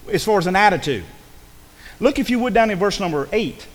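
A man preaching in a church sanctuary, his fairly high voice swinging widely as he talks. He keeps it conversational, with quick asides and little acted-out quotes. The sound carries a long hall reverb. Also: animated. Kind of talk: sermon.

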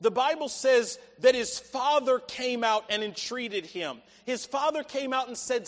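A man's voice: extremely high pitch, measured pace, few pauses. A man preaching a sermon, emphatic, putting rhetorical questions to his congregation. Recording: reverberant church hall.

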